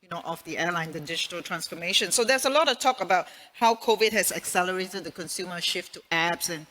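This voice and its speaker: Bright-voiced woman interviewer, conversational. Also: lowish voice, fast talker, poor audio. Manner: conversational, rambling questions. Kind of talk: conference interview.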